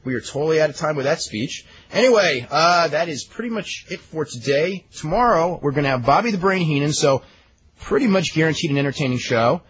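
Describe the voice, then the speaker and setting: A man's voice: a little high, lively intonation, brisk, a bit bright, husky. A man hosting a talk radio show, chatting casually and telling rambling stories with chuckles. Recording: dull lo-fi archive radio with faint hiss.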